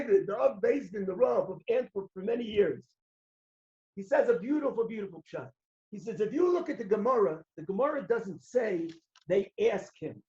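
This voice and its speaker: A man giving a sermon as a rabbi, an animated storyteller who acts out the voices and shouts at the high points. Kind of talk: sermon with stories. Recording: roomy, dull lo-fi recording.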